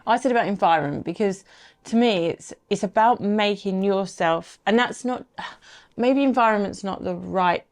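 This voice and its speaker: A woman co-hosting a podcast, talking through tips in a lively, animated, conversational way. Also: medium pitch, normal speed. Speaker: podcast co-host. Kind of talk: casual advice chat.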